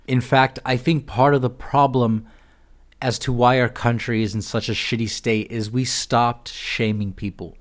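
A young American man hosting a podcast, delivering a ranting, profane, exasperated comedic monologue. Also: medium pitch. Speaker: podcast host.

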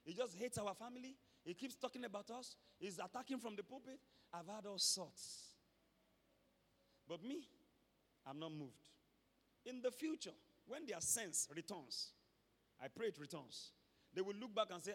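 Nigerian pastor preaching, high bright voice, gets loud n emphatic, big echo hall. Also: male voice, animated, normal speed. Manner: emphatic, swings from quiet to shouting. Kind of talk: sermon. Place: church. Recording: long hall reverb.

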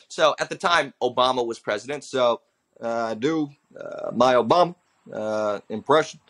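On a laid-back podcast, a comedian and impressionist in his thirties tells stories and acts out whoever he's quoting. His voice sits at a medium pitch and moves at a moderate pace.

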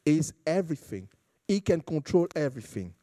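A man delivering a sermon, talking through the scripture in a relaxed, conversational way before his voice climbs into fervent, emphatic questions. His voice sits a little high but sounds warm and mellow. The recording is dry and close, with no room sound. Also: moderate pace, dry recording. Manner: conversational preaching with rising emphatic passages. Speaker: preacher.

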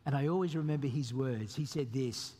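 A man preaching a sermon as pastor, emphatic and animated, with sudden jumps in pitch. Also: brisk, breathy edge. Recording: long reverb of a hall.

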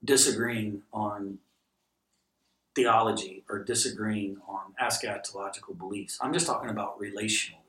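Here a middle-aged man with a lowish voice speaks at normal speed as a podcast's guest pastor. His storytelling is lively, with the dialogue acted out. The audio is roomy because the mic is distant.

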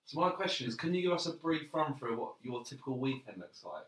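A man's voice: medium pitch, sing-song, quick pace. A man co-hosting a podcast, easygoing and joking. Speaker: podcast co-host. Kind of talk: casual chat. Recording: roomy sound, distant mic.

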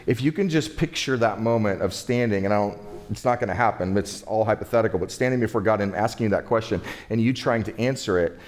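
A man's voice: lowish voice, fast, few pauses. A man from the United States preaching a sermon in a conversational, relatable way, with rhetorical asides to his listeners. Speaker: pastor.

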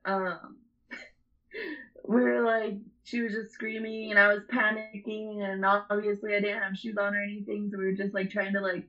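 A young woman tells a rambling story in a casual chat, swearing freely and laughing as she goes. Her voice sits at an ordinary middle pitch. The recording sounds slightly muffled. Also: level tone, normal speed, a bit bright. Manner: rambling, profane, laughs often.

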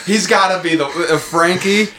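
A man's voice: high voice, normal speed, noisy background. A man co-hosting a podcast, chiming in with short remarks in casual chat. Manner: chimes in with short agreements. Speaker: podcast co-host.

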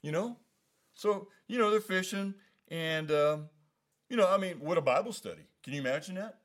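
Brief: man leading a Bible study, easygoing and conversational, pitch swings widely as he gets into it. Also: moderate pace. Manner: conversational, animated, lots of "you know what I mean". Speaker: pastor. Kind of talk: casual Bible study teaching.

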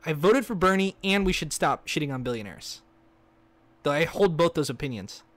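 A man's voice: on the high side, lively intonation, normal speed, fairly bright tone. A man co-hosting a casual movie podcast, joking around and rambling, often trailing off mid-thought. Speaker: podcast co-host. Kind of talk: casual banter.

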